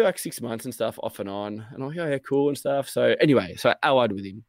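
Young male podcast co-host, casual and animated storyteller, dry close sound. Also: mid-range voice, fast, hardly any pauses, no room sound. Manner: animated, swears a lot, acts out quotes.

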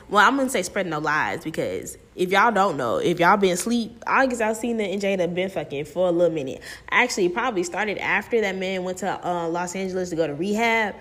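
Casting: young woman vlogger, profane, blunt, pitch leaping high when riled. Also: fairly bright tone. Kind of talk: casual rant and gossip.

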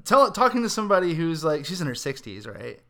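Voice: mid-range voice, very animated, brisk, a crowd in the background. A person in casual conversation, reflective and self-doubting, laughing now and then while talking.

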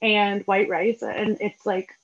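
A woman's voice: medium pitch, fairly even intonation, slow pace, husky, dull audio. A woman co-hosting a podcast over a remote call, chatting enthusiastically. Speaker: podcast co-host. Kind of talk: casual chat.

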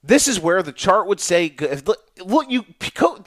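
A young man hosting a solo football talk show, ranting in an animated, profane way about coaches. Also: sits high, normal speed, dry recording, studio quality. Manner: animated, profane, mocking coaches in a put-on boastful voice. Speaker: sports podcast host.

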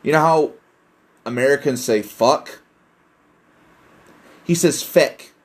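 A young man rambles through a solo podcast at an unhurried, drawn-out pace. His voice sits in a middle pitch, and he swears freely and pokes fun at himself as he drifts between stories. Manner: rambling, heavy cussing, self-deprecating. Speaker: podcast host. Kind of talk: casual solo podcast rant.

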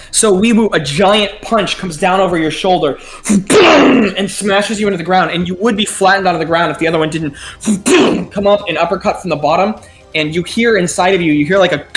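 A man narrating a tabletop game as game master, speaking haltingly with many ums and uhs. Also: sits high, soft background music.

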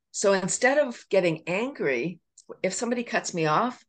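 A woman with a Canadian accent, a laughter coach chatting as a guest, animated and laughing often as she acts out little voices. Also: mid-range voice, brisk. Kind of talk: casual podcast interview.

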